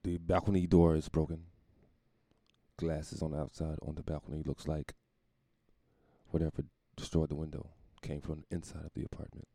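A man putting on Batman as a brooding detective, narrating clues in a slow, flat way. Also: extremely low pitch, creaky, dry recording, pitched below the performer's own voice, heavily acted.

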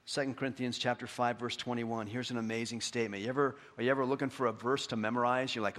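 A male pastor preaching a sermon, building to fervent emphatic peaks and then dropping soft and slow for scripture. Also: mid-range voice, steady tone.

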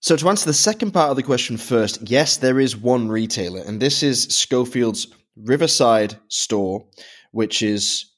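A man's voice: mid-range voice, lively intonation, measured pace, fairly bright tone. A man from Britain co-hosting a podcast, explaining a product review in methodical detail. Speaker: podcast co-host.

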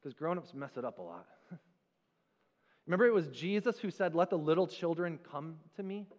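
A man preaching a sermon as pastor in a church, with a conversational, animated storytelling manner. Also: a little high, moderate pace, long reverb tail, highs cut off. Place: church sanctuary.

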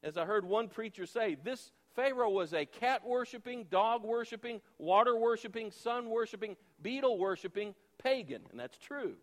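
High-voiced preaching man in echoing church. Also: expressive, moderate pace, few pauses. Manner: emphatic preaching with rhetorical questions, swinging from loud to hushed. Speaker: pastor. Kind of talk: sermon. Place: church sanctuary. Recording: long reverb of a large church hall.

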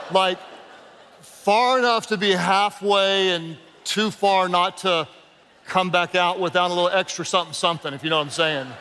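A man from the American South with a Southern accent, preaching a sermon as a guest pastor in an energetic, humorous storytelling way, calling out to the crowd. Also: sits high, a little hiss or hum. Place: large church auditorium. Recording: long reverb of a big hall.

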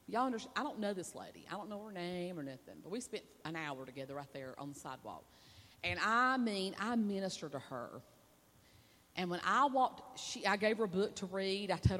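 Expressive and fairly quick, this woman speaks in a fairly low, fairly bright voice. As a preacher's wife, she gives a chatty sermon woven with personal stories and asides to listeners, recorded amid a large hall's long reverb.

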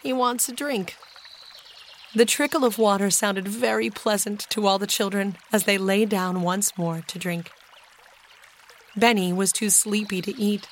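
Storybook narrator, woman, measured and even-paced reading. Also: medium pitch. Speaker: audiobook narrator.

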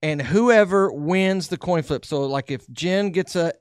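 A man hosting a radio show in casual chat, briskly explaining the rules of a game. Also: a little high, smooth, dry recording, studio quality. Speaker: radio host.

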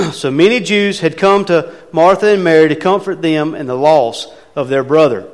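A man preaching a sermon from the pulpit, talking conversationally and with emphasis, asking his congregation rhetorical questions. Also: a little high. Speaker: pastor. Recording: long reverb of a large hall.

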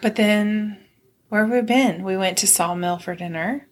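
A woman's voice: mid-range voice, normal speed. Chatty, laughing middle-aged woman host. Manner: chatty, laughs often, tells stories. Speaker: podcast co-host. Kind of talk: casual chat.

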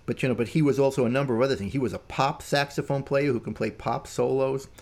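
A man's voice: mid-range voice, fast, a little mellow. An older man, a musician, telling stories in casual talk, rambling and full of "man" and "you know". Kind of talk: casual storytelling.

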